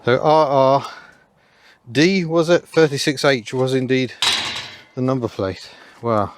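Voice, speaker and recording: A man's voice: mid-range voice, fairly even intonation, takes it slowly, noisy background. Male vlogger, casual rambling commentary outdoors, dry self-deprecating humour. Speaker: car vlogger. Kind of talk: casual commentary while working. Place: overgrown rural yard outdoors.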